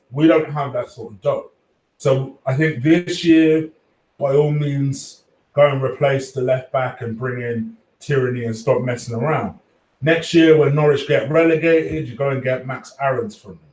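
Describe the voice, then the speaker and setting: A man hosting a casual fan live stream, reading chat, swearing freely and giving shout-outs to viewers. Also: mid-range voice, distant mic. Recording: echoey room, voice off-mic at times.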